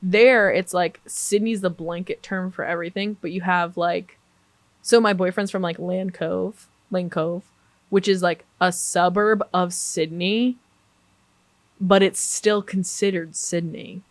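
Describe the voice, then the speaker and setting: A woman's voice: lowish voice, unhurried, no room sound. Chatty New York woman, dry close sound. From New York suburbs, USA. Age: young adult. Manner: animated storytelling, heavy "like", swears freely. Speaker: guest. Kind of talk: casual chat.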